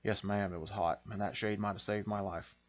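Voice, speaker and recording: A man's voice: fairly low pitch, fairly even intonation, a little fast, highs cut off, close to an everyday voice. A man doing a drawling, sickly soldier. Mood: plain. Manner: drawling, folksy, hesitant. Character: shy, sickly rural Southern male infantry veteran.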